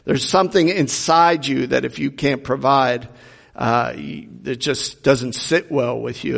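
Gravelly pastor preaching in a reverberant hall. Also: male voice, medium pitch, animated, slow pace. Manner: earnest, storytelling with rhetorical questions. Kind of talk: sermon. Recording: long reverb of a large hall.

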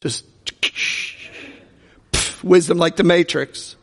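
Gravelly pastor preaching in reverberant hall. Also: male voice, high-pitched, fairly even intonation, very slow. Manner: humorous storytelling, acts out quoted voices. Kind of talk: sermon. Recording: long reverb from a large hall.

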